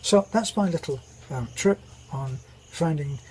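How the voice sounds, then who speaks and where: A man hosting his channel, telling jokes in a rambling way with many pauses and restarts. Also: a little high, darkish tone, a little hiss or hum, rough recording. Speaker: channel host. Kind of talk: casual joke telling.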